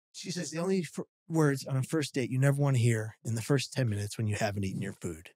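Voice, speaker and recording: A man's voice: mid-range voice, fast talker, few pauses, dry recording, clean studio sound. A man, a podcast guest telling a funny story with acted-out quotes. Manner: animated storyteller, acting out quotes.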